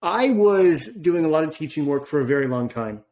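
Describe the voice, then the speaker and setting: A man's voice: a little high, expressive, fairly quick, darkish tone. A man hosting a podcast interview, talking in a rambling way with tangents. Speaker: podcast host. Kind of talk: casual interview chat.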